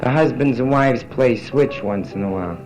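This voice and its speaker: A woman's voice: extremely low pitch, moderate pace, a little mellow, soft background music, poor audio. A middle-aged woman doing bawdy live stand-up in a nightclub, brassy and boozy, teasing the audience between jokes. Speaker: nightclub comedian. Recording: vintage live club record with band. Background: live band.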